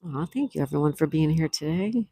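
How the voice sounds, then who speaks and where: Soft-spoken woman chatting on a livestream. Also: low-pitched, lively intonation, fairly quick, gravelly, breathy edge, dry recording. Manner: chatty, reads viewer comments aloud and thanks them; soft-spoken with sweet exclamations. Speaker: livestream host. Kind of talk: casual live chat reading comments. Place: outdoors near calm water.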